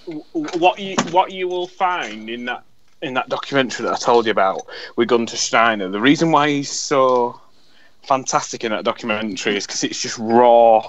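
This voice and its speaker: A man co-hosting a casual podcast, talking in an animated, sweary way and acting out quotes as he tells stories. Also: medium pitch, normal speed. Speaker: podcast co-host. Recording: dull lo-fi audio.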